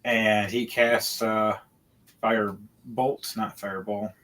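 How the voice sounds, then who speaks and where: Slow-talking man narrating a tabletop game. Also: lowish voice, level tone, rough recording. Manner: narrates dice rolls and combat turn by turn, with sudden loud outbursts.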